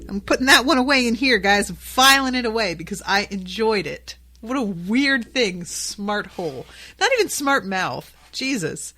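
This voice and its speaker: Woman podcast host, casual and excitable, loose and sweary reaction commentary. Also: medium pitch, normal speed, hardly any pauses. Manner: chatty, excitable, swears freely, many fillers.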